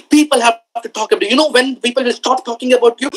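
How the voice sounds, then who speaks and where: Talking fast with hardly any pauses, a mid-range-voiced motivational speaker addresses a room of students. Emphatic phrases are repeated for effect, and questions are often put to the audience. The recording quality is low.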